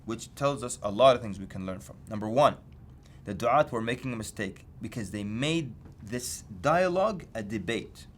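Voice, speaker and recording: A man preacher giving a lecture on outreach, telling stories with lively swings of pitch for emphasis. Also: normal speed, a little hiss or hum. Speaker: Islamic preacher teaching street outreach. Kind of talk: story-led lecture.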